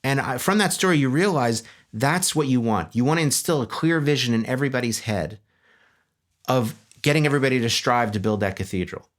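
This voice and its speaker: A man giving a humorous, animated conference talk on a stage before an audience. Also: mid-range voice, a little fast. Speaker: speaker.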